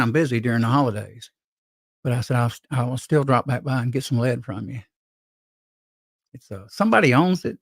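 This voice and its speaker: A man's voice: medium pitch, dry recording. A man hosting a casual live stream, rambling and reading viewer comments aloud with lots of restarts.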